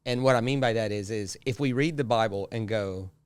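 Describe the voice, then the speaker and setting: A man's voice: lowish voice, fairly quick, clear, resonant tone, dry recording. A man, a guest pastor, talking in a casual podcast conversation, telling stories with lots of repeated phrases for effect.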